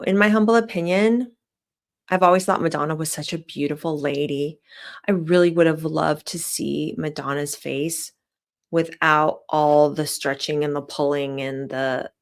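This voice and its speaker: A woman with a very low voice talks straight to her viewers in a casual vlog. Her commentary is chatty and opinionated, full of fillers. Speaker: vlogger.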